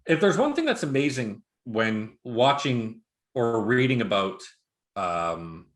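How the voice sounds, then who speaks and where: A man co-hosting a podcast, ranting with plenty of swearing. His pitch swings widely, and the voice carries the echo of the room. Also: takes it slowly. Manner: profane, ranting, animated. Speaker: podcast co-host. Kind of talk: casual chat.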